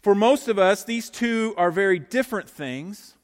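A middle-aged man preaching a sermon to his congregation as their pastor. He tells stories in a lively, joking way and talks straight to the people in the pews. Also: sits high, moderate pace, in a large hall. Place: church sanctuary.

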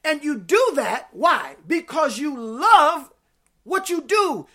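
A woman with a high voice preaches to her church, keeping her sermon conversational and lively. She breaks off for playful asides to the people in front of her. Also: slow pace. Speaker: pastor.

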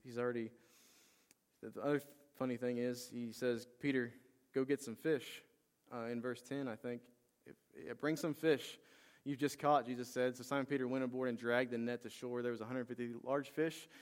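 A man delivers a sermon in a storytelling way. He acts out the characters' words with bursts of energy and a mid-pitched voice. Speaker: pastor.

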